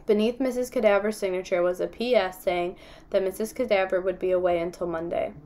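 Woman calmly reading a novel aloud. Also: mid-range voice, fairly quick. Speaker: audiobook reader.

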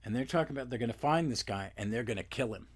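A man's voice: mid-range voice, expressive, very fast. A man hosting a podcast, recapping a comic book on his own in a rambling way, full of self-corrections and fillers. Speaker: podcast host.

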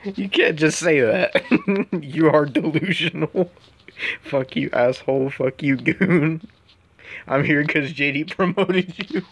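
Slow-talking laughing male commentator. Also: mid-range voice. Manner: laughs often while reading comments aloud. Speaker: YouTube commentary host. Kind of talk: casual reaction commentary.

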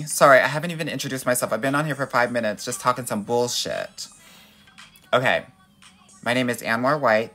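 A man's voice: mid-range voice, bright, forceful tone. A man from Los Angeles, a dating coach hosting a live stream, greeting viewers and reading their comments in a sassy, playful way, calling them honey and girl. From Los Angeles, USA.

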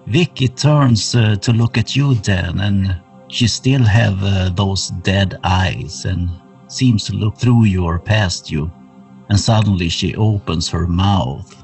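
A man narrating a tabletop horror game as game master, measured and full of uh fillers. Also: low voice, vocal fry, a little mellow, soft background music, low-quality recording.

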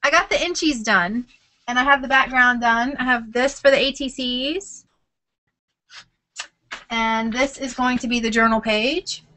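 A woman's voice: a little high, unhurried, long pauses, bright, forceful tone, rough recording. A middle-aged woman chatting casually at home in a crafting vlog, laughing often. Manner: chatty, laughs often, squeals when startled. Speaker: crafting vlogger.

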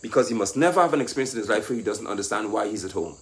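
A man giving an impassioned, mocking political monologue that rises at times to shouting. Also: lowish voice, lively intonation, rapid-fire. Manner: mocking, lecturing, rising to shouts. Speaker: political commentator.

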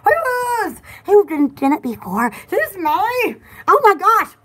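A very high-voiced woman chats on a home livestream, her pitch swooping all over. She rambles excitedly, laughs a lot and repeats herself as she co-hosts a store stream. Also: a little slow. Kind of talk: casual rambling chat.

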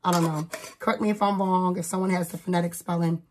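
A woman's voice: fairly low pitch, fairly even intonation, fast talker, darkish tone, slight background noise. Chatty young woman vlogger. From New Jersey. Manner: chatty, frequent "like" and "um" fillers. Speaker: teacher. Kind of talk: casual chat, showing gifts to camera.

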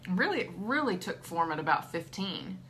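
Chatty middle-aged woman, bright voice. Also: lowish voice, sing-song, normal speed, a little hiss or hum. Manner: chatty, warm, laughs often. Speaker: ministry host. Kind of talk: casual devotional talk.

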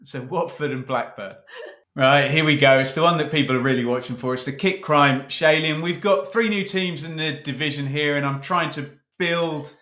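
A man hosting a casual chat, teasing his co-host in a playful, brisk way. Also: fairly high pitch, sharp tone, reverberant. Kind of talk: casual chat ranking football kits.

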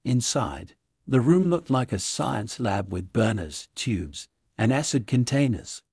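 A man narrating a classic story for English learners, reading in a clear, even way. His voice is husky and sits mid-range. The recording is dry and close, with no room sound. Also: medium pitch, slow, dry recording.

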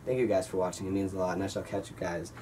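A man's voice: deep voice, racing, slight background noise. A young man in his late teens telling a story from his school days in a casual vlog, rambling and swearing. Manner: rambling, swearing, excited retelling. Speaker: vlogger.

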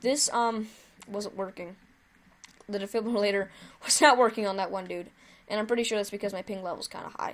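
Hosting her own gaming video, a woman keeps up chatty, excitable live commentary as she plays, cheering whenever she wins. Her voice sits at a medium pitch.

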